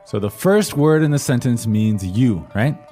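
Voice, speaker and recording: Guy co-hosting a chinese lesson, keeps asking "right?", soft music behind. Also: mid-range voice, lively intonation, moderate pace. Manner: prompts with questions, often ends with "right?". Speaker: co-host, learner's voice. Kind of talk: scripted language-lesson podcast. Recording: faint music bed.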